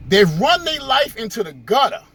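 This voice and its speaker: A man's voice: extremely high pitch, big pitch swings, moderate pace, gravelly, a bit bright. A male host giving a casual, conversational monologue, telling stories with frequent fillers.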